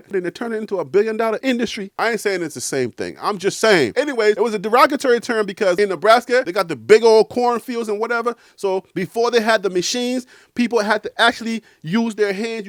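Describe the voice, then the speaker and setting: A man with a high voice gives casual college sports commentary, joking and talking straight to his viewers. He wanders off on asides and tells stories in a loose, lively way. The recording is dry and close to the mic. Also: no echo. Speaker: sports video host.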